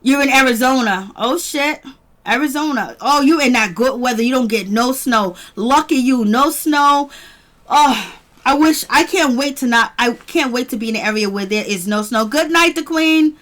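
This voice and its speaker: A woman's voice: high-pitched, normal speed, fairly bright tone. A woman hosting a casual live-chat review stream. She greets viewers by name and laughs often. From near Boston, US. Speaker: livestream host reviewing a reality show.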